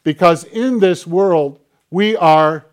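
A man preaching a sermon in an easy, conversational way, slipping into little acted-out exchanges. His voice sits a bit higher than most men's. He talks like a pastor walking a congregation through a passage. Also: slow, clear, resonant tone. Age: older. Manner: conversational preaching, acting out quoted dialogue.

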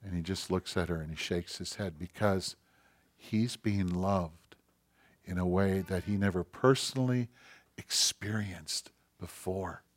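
A man preaching a sermon as pastor, passionate, swinging between loud emphasis and quiet intensity. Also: sits low, measured pace.

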